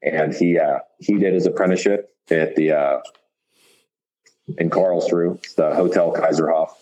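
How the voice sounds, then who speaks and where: A man's voice: deep voice, fairly even intonation, normal speed, warm tone, highs cut off. A man, a chef, telling long stories in a loose, profane way with lots of fillers. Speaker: chef, podcast guest. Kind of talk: casual storytelling.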